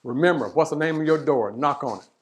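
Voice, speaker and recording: A man's voice: on the high side, quick pace. A man giving a leadership webinar talk, telling a parable and often checking in with "right?". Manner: storytelling, acts out voices, frequent "right?". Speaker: leadership speaker.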